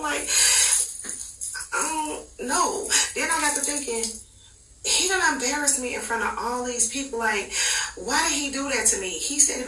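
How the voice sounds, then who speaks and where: A woman hosting a podcast, telling a personal relationship story in animated, slangy casual talk, recorded off-mic with a roomy echo. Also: on the high side, moderate pace, distant mic, faint music behind. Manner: animated, slangy, dramatic retelling. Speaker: podcast host.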